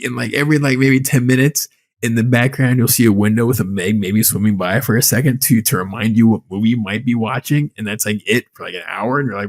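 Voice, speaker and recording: Talking fast in a mid-range voice, a man on a podcast he co-hosts goes off about a movie. He curses a lot and narrates with animated, can't-believe-it energy.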